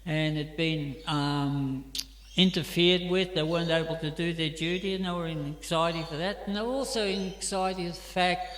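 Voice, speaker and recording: High-voiced Australian man telling stories. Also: steady tone, normal speed, fairly bright tone. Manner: chatty, anecdotal, many fillers. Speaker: class speaker. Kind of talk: storytelling scripture class. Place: temple hall. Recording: echoey temple hall.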